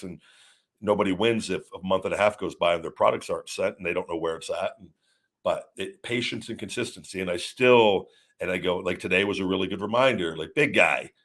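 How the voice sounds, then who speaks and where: A man in his forties hosting a live show, chatting casually and rambling through a story with many restarts and self-corrections. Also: deep voice. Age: 40s. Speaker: show host. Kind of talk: casual live-stream chat.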